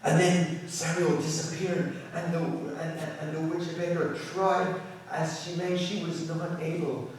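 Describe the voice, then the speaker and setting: A man who is a rabbi, telling a folk story in an animated lecture, often repeating words as he goes, in a synagogue sanctuary. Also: a little high, measured pace, a little hiss or hum. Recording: echoey hall, distant mic.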